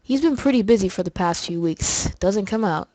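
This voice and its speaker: A woman's voice: mid-range voice, expressive, normal speed, dark tone, close to an everyday voice, low-quality recording. A woman reading a polite museum receptionist.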